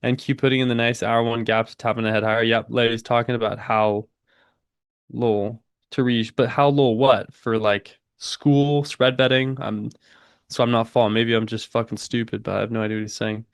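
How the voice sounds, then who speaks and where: A young man in his twenties talks casually on a live trading stream. His voice sits at an ordinary middle pitch and is recorded close and dry. He tosses in slang and a steady stream of "dude" between market calls. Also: normal speed, smooth, no room sound. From United States. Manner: laid-back slangy, says "dude" a lot, reads chat aloud. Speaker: livestream trading host. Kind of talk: casual livestream chat and market commentary.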